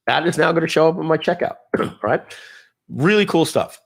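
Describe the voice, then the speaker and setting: A man giving a casual live software demo, talking viewers through settings with fillers and asides. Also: a little high, moderate pace, vocal fry. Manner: lively, conversational, with frequent fillers and asides. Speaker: software trainer.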